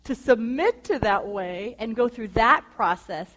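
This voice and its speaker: A woman in her thirties speaks to a women's gathering in a high, bright-pitched voice. She tells a personal story in a chatty, animated way. She acts out the lines people said. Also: a little slow.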